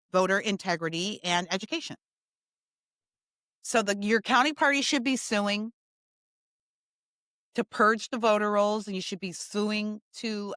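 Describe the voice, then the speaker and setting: A woman's voice: medium pitch, fairly bright tone, no room sound, studio quality. A woman hosting a podcast, giving a blunt, fired-up opinion monologue full of emphatic repetition. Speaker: podcast host.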